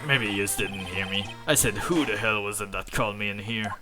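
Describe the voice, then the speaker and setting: Man putting on a gruff bullying thug, low voice, game music. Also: steady tone, a little fast, lightly acted. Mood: aggressive. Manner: brash, tough-guy slang. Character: gruff male loan-shark thug, hot-tempered bully.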